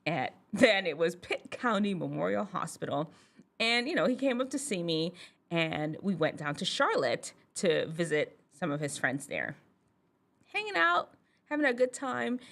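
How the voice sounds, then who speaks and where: Woman host, low-set but bright and lively voice, chatty storyteller who laughs easily, talking straight to teens. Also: a little slow, vocal fry. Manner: animated, chatty, laughs often. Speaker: host, physician. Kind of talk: casual storytelling monologue to teens.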